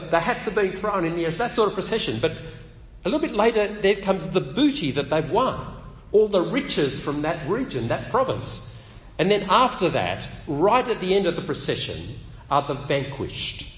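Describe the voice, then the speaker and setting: A man preaching a sermon at a public meeting, talking conversationally and asking his listeners questions. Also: on the high side. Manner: conversational, asks the audience questions. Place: meeting hall. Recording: echoey hall with long reverb.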